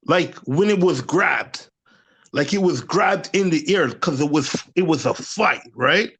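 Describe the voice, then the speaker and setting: A man's voice: fairly high pitch, a little slow, a bit bright, a little hiss or hum. A man on a live panel, debating in a heated, casual way, profane and repeating himself.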